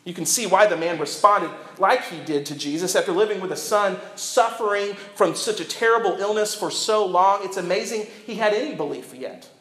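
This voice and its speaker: Echoey high-voiced preaching man. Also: fairly bright tone. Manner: earnest, reflective preaching with dramatic pauses. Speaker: pastor. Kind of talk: sermon. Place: church. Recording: echoey church hall.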